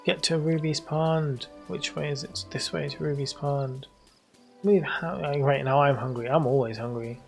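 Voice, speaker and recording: Brief: British streamer, gravelly voice, rambling banter, faint music under him. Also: male voice, a little high, fairly even intonation, moderate pace. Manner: jokey, rambling banter with chat. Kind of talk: casual livestream chat.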